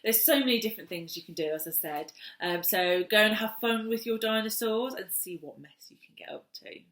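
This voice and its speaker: This early years teacher speaks with a mid-range, brisk, slightly bright voice as she explains play and speech ideas to parents. She's chatty and says "um" a lot, shifts into a sing-song tone for children, and the space echoes.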